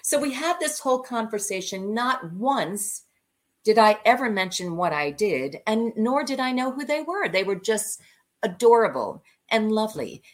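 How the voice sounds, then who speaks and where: A woman guest, a cabaret singer, telling stories from her career in an animated, conversational way and laughing often. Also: fairly high pitch, normal speed. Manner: lively anecdotes, acting out the voices of people she quotes; laughs often mid-story.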